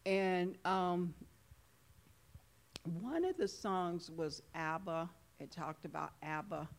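A woman's voice: fairly low pitch, takes it slowly. A woman sharing a devotional reflection at a church service, earnest and emphatic, repeating key words.

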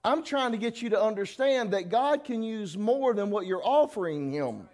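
A man's voice: high voice, animated, normal speed, a little mellow. A man preaching a sermon, folksy and teasing, acting out little voices as he goes. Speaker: pastor.

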